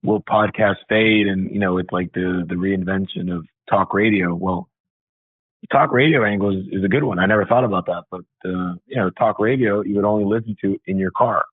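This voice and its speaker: A man with a very deep voice joins a podcast chat as a guest tennis coach. He talks in an unhurried way, leaning on fillers, and comes through a tinny, phone-like line that sounds dry and close. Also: husky, dry recording. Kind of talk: casual chat.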